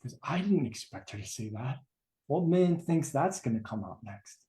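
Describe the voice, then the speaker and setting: A man's voice: medium pitch, expressive, normal speed, dark tone. A man teaching about relationships in an earnest, emphatic way, sharing his own story and swearing casually. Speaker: relationship coach. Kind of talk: personal teaching talk.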